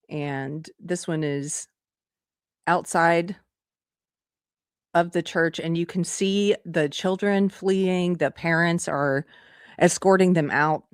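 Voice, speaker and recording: Woman host, live-stream commentary, indignant, sarcastic, low voice, dry sound. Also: no echo.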